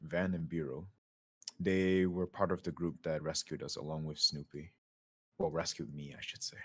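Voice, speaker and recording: Man player, very low voice, dry close sound, talks through his character's reasoning. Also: level tone, moderate pace, breathy edge, dry recording. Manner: explains at length, drops to a whisper in character. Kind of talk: casual tabletop role-play chat.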